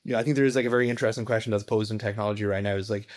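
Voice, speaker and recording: A man's voice: on the low side, fairly even intonation. A young Irish man in a casual podcast interview, rambling with lots of "like" and "you know". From Ireland. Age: young adult. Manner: rapid, rambling, heavy use of "like" and "you know".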